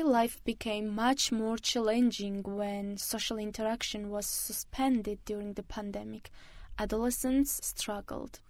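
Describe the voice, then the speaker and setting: Woman radio host, measured scripted read, bone-dry studio sound. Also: on the high side, a little mellow, no echo. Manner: careful, measured reading.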